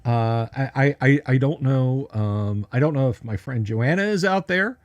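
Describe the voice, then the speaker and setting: A man's voice: medium pitch, expressive, moderate pace, highs cut off. A man hosting a casual livestream at his computer, talking in a rambling, joking way with many fillers and restarts. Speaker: livestream host.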